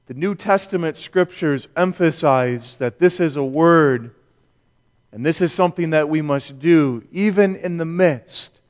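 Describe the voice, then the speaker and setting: A male pastor preaching a sermon, measured and emphatic, with rhetorical questions. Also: fairly high pitch. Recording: long reverb of a church hall.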